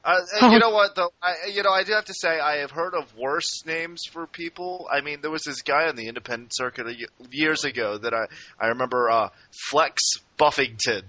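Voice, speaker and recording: A man in a casual group chat, sarcastic and animated when telling stories. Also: on the high side, brisk, few pauses, no echo, poor audio.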